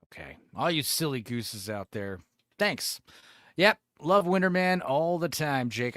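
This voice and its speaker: A man hosts a casual livestream, talking in a rambling, chuckling way with a lively, bouncing pitch. He sits close to a desk mic in a dry, dead room. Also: a little slow, dry recording. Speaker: streamer host.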